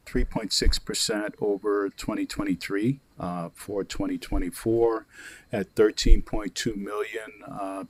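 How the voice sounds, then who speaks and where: A man with a fairly low voice presents a report to a local council. His delivery is halting and full of "uh" fillers. He speaks from a council meeting chamber. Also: darkish tone, no echo. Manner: hesitant, many "uh" fillers. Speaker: airport director giving a report.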